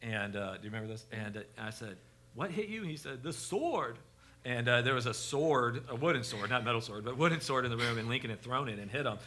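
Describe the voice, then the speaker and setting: A man on a church parenting panel, telling a story with a self-deprecating, halting delivery full of restarts. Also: medium pitch, sharp tone, slight background noise.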